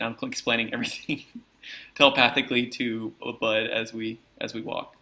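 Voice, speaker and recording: A man's voice: medium pitch, flat delivery, moderate pace, pushed and bright. A man playing a tabletop game, talking casually and joking. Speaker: player.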